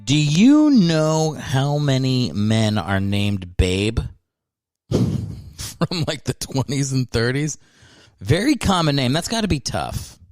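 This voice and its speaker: A man's voice: mid-range voice, very animated, slow, a little mellow, no echo, clean studio sound, faint music behind. A man hosting a podcast, rambling in a casual, profane and self-mocking monologue. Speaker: podcast host.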